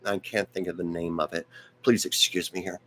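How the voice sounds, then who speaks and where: Male host, lowish voice, strained and fading; rambling, aside-heavy storyteller. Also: flat delivery, normal speed, a bit bright. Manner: rambling, anecdotal, with frequent asides and restarts. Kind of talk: casual storytelling on a live stream.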